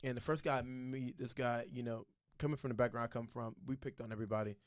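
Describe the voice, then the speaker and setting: A man's voice: medium pitch, steady tone, quick pace, no room sound, studio quality. A young man, a podcast guest, telling his faith story in a casual, earnest way and acting out the voices of the people in it.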